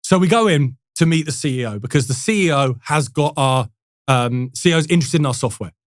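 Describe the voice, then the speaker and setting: A man with a high voice tells a sales story in an animated, casual way. He laughs often and restarts his sentences. His voice sounds dry and close to the mic. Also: a little fast, no echo. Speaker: guest salesperson.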